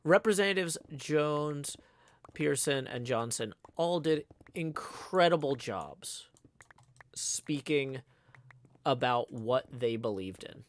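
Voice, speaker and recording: A man's voice: medium pitch, lively intonation, slow. A man hosting a casual livestream, talking in a rambling, irritated way with many restarts. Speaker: livestream host.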